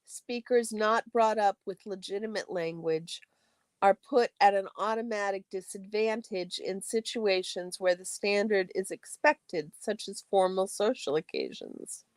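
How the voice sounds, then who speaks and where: A woman reads a textbook aloud for a study stream. Her delivery is steady and careful, and she sometimes catches and corrects a stumbled word. Her voice sits in a middle pitch and comes across close and dry, with no room sound around it. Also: a little slow, dry recording. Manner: steady, careful reading with occasional self-corrections.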